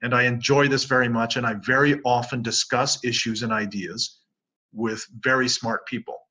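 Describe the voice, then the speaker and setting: A man's voice: medium pitch, steady tone, moderate pace, sharp tone, husky. A middle-aged man from Canada, a guest in a casual interview, telling stories animatedly and acting out both sides of conversations. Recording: dull lo-fi audio.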